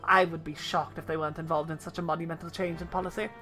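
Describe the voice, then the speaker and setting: A woman's voice: low-pitched, level tone, quick pace, fairly bright tone, faint music behind. A woman reading the lines of a courteous, well-spoken game townsperson with formal, elaborate phrasing. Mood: polite.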